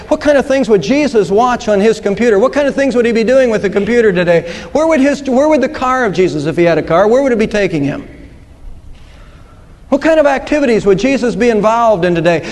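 A man's voice: very high-pitched, a little mellow. A man preaching a sermon in an earnest way, quoting scripture and telling a story to a congregation. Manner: earnest, storytelling with quoted voices. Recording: long hall reverb.

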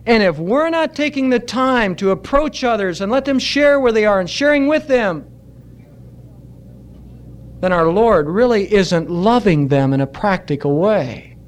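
High-voiced earnest preacher man. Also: expressive. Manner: earnest exhorting preacher, slows for emphasis. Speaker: pastor. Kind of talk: sermon. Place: church.

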